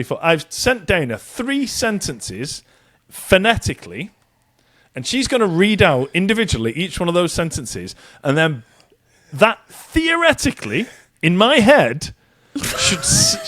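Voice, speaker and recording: A man's voice: sits high, a bit bright, no room sound. A man from the UK co-hosting a podcast, bantering casually and laughing often. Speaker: podcast co-host.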